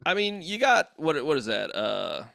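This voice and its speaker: A man's voice: on the high side, sing-song, moderate pace, creaky, sharp tone, dry recording, studio quality. A man on a podcast, bantering casually and teasing the others with laughs. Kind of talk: casual chat.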